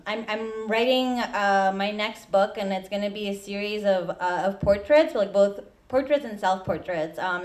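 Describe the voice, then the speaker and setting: A woman hosting an open mic, thanking poets in a halting way before she reads her own piece. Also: medium pitch. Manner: halting, many fillers and restarts. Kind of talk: hosting and poetry reading. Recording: distant mic in a room.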